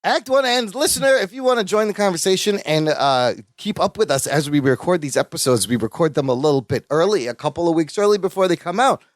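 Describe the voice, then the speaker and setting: A man's voice: on the high side, animated, quick pace, few pauses, no room sound. A man co-hosting a sitcom rewatch podcast, recapping scenes with enthusiasm and laughing often. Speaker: podcast co-host. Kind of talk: casual podcast recap chat.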